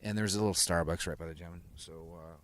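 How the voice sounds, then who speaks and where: A man's voice: deep voice, steady tone, fairly quick. A man hosting a podcast in casual conversation, swearing freely and restarting sentences. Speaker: podcast host.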